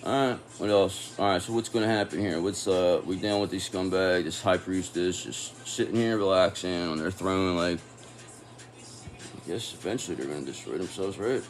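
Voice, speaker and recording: A man's voice: deep voice, moderate pace, soft background music. A man giving a casual tarot reading, talking in an angry, profane and confrontational way. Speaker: tarot reader.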